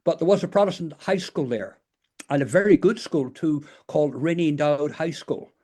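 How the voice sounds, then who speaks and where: A man's voice: a little high, moderate pace, warm tone. An older man from Northern Ireland with a Northern Irish accent, telling stories as an interview guest in a rambling way, with many restarts and "you know"s. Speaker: guest, retired teacher and memoir author. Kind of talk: casual storytelling interview.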